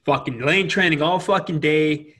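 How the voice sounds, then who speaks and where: A man's voice: on the high side, normal speed, bright, forceful tone, husky. A man telling profane military stories in casual chat, full of fillers and laughter. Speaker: Marine veteran interviewer.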